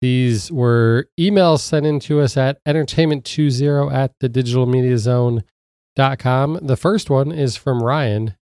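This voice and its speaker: A man hosting and producing a tech podcast, a little nasal from a cold, chatty and quick to laugh. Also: mid-range voice, darkish tone, dry recording, clean studio sound. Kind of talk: casual podcast chat.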